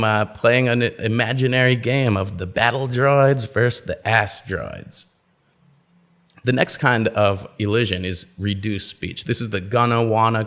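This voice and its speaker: A man giving an online pronunciation lesson as a coach, explaining patiently and saying example phrases slowly and clearly. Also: fairly low pitch, a bit bright. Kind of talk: webinar lesson.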